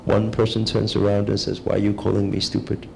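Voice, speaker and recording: A man giving a calm, measured spiritual talk, speaking slowly and deliberately as a teacher. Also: on the low side, gravelly, slight background noise, low-quality recording.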